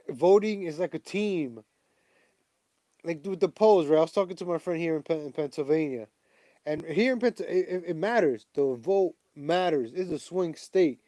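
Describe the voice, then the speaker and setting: A man venting in a political vlog, animated and repetitive, stumbling into restarts as he rants. His voice sits a little high and the recording is dry and close. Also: no echo. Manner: animated, ranting, many "like" fillers and restarts. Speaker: vlogger. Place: home in Pennsylvania.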